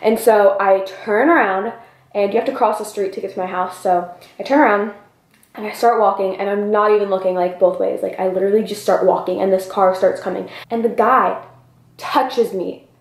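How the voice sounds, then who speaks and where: A young woman vlogger telling a story in an animated, breathless way, peppered with "like", in a roomy space. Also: mid-range voice, normal speed. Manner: animated, breathless retelling full of "like". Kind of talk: storytime vlog.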